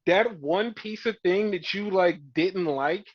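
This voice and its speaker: Excited rambling man, dull lo-fi mic. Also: high voice, slow, no room sound. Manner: excited, rambling with many "like" fillers. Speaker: podcast host. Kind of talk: casual wrestling recap chat. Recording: dull lo-fi sound.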